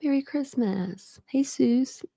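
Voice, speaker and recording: A woman hosting a livestream, chatting casually and greeting her viewers one by one, warm and grateful toward them. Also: high-pitched, takes it slowly, vocal fry, dry recording, clean studio sound. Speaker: livestream host. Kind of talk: casual live chat with viewers.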